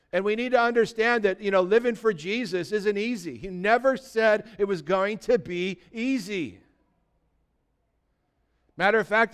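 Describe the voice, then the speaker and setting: Pastor guy preaching, high clear voice, chatty, asks the crowd lots of questions. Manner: conversational, full of rhetorical questions. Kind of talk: sermon.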